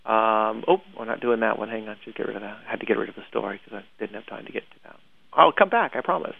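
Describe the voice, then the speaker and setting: A gravelly-voiced man co-hosts a casual news talk, animated and opinionated. His voice comes through thin and tinny, like a phone line. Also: fairly low pitch, fast. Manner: animated, opinionated, laughs often. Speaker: podcast co-host.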